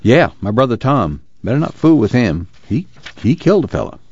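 A man's voice: medium pitch, very animated, moderate pace, darkish tone, dry recording, voice pushed down. A man voicing a boastful young farm man with a cocky rural drawl. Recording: dull lo-fi dry audiobook recording.

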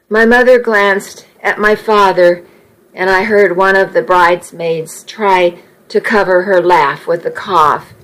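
A woman reading a first-person story aloud in an unhurried way, now and then correcting a slip. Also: lowish voice, fairly even intonation, a bit bright, low-quality recording. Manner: unhurried, occasional slips and self-corrections. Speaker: narrator.

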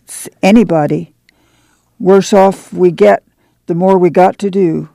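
Guy doing a tired farm mom, steady and quiet, high gravelly voice. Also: a little slow, no room sound, clean studio sound. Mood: weary. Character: tired, steadfast rural mother.

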